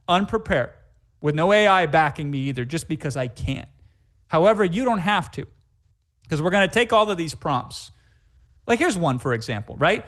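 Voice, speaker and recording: A man presenting a live webinar sales pitch as a sales trainer, emphatic and hype-driven, rattling off repetitive lists. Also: fairly bright tone.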